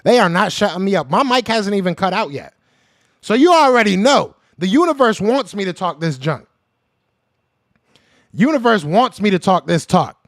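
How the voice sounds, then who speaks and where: A man with a high voice on a close, dry mic, hosting a sports podcast stream. He trash-talks rival fans in loud slang and hammers each point over and over. He speaks straight to viewers in the chat. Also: expressive, normal speed, dry recording. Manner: heated, trash-talking, repeats himself for emphasis. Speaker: podcast host. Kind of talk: live-stream sports rant.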